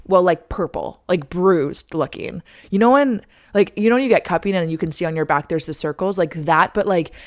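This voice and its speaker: Young woman, casual storytelling, chatty filler-heavy delivery, slightly low voice. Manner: chatty, heavy use of "like", dramatic re-enactments. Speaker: podcast host.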